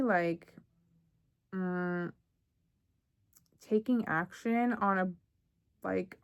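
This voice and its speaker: A young woman talks through a tarot reading in a loose, chatty way, thinking aloud and filling gaps with ums and likes. Her voice sits at an ordinary pitch with a gravelly fry running through it. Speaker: tarot reader.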